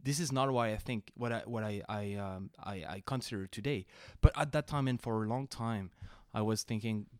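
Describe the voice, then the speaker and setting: A man's voice: on the low side, moderate pace, few pauses, darkish tone, no room sound, clean studio sound. A man in his thirties from France with a French accent, chatting as a podcast guest, hesitant with many restarts. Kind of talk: casual interview chat.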